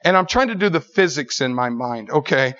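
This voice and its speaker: Animated preacher man, dull recording. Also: a little high, fairly quick. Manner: animated, emphatic, repeats words while building a story. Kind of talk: storytelling sermon.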